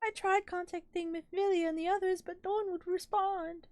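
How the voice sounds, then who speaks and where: Tataru, a woman squeaking out a tiny tearful receptionist. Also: fairly even intonation, moderate pace, no room sound, studio quality. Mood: distraught. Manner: squeaky, emotional read-aloud. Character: tiny excitable female receptionist, tearful and earnest. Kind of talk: reading game dialogue aloud.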